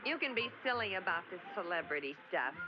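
An actress playing a sensible, brisk cavewoman housewife in a vintage cartoon. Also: on the low side, very animated. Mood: thoughtful. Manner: brisk, scolding. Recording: dull vintage cartoon soundtrack with music.

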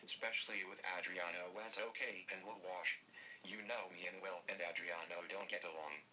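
Male text-to-speech voice, flat machine reading, low-pitched, noisy background hiss. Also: moderate pace. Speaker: screen reader voice.

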